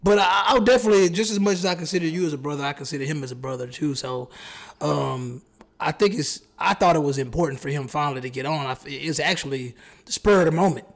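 A man's voice: a little high, gravelly. A young man hosting a podcast, chatting casually with jokes and slang. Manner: joking, slangy, talks in quick bursts. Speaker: podcast host. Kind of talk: casual chat.

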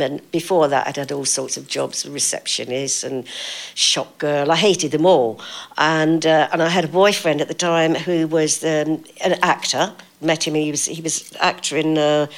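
Older lady w a low voice, chatty, laughs a lot, does everyone's lines as she tells it. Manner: chatty, laughs often, acts out quotes. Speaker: interview guest. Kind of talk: casual anecdotal storytelling.

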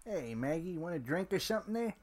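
A man's voice: high-pitched, very animated, fast talker. A man voicing an earnest hotel worker who talks hesitantly and stumbles over his words.

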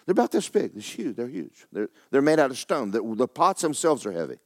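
A middle-aged man preaching a sermon in folksy storytelling, swinging from hushed tones to excited shouting. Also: mid-range voice, fast, no room sound, studio quality.

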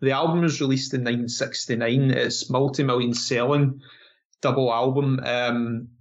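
A man's voice: medium pitch, steady tone, moderate pace. A man co-hosting a podcast, chatting casually about films with many fillers and restarts. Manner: rambling, frequent fillers and restarts. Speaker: podcast co-host. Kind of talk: casual film review chat. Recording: dull lo-fi podcast audio.

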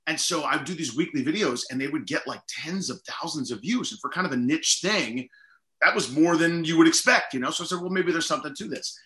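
A middle-aged comedian, appearing as a guest, tells stories in a casual interview, rambling and self-deprecating with plenty of "like" and "you know." His voice is on the high side, brisk, bright and forceful, with a reverberant sound.

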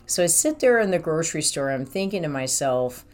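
A woman's voice: sits low, sing-song, a little fast, darkish tone, faint music behind. A woman talking casually about her own life, rambling and candid. She acts out what she and others said. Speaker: professional who sees clients in an office. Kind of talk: casual personal storytelling.

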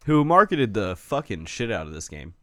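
A man casually chatting about a video game, swearing freely and breaking into loud mock rants. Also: lowish voice, moderate pace. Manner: profane, animated, bursts into loud mock rants. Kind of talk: casual gaming chat.

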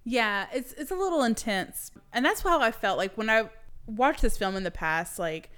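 Chatty American woman, smooth voice. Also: fairly high pitch, animated, moderate pace, a bit bright. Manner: chatty, laughs often, many "like" fillers. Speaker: podcast co-host. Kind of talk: casual film discussion.

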